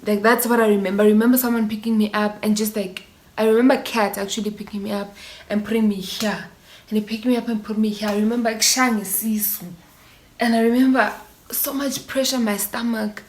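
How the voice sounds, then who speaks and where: A woman's voice: on the high side, a little hiss or hum. Chatty South African woman, echoey room. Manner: animated storytelling with Zulu slang and mimicked voices. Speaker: vlogger. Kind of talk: casual storytime.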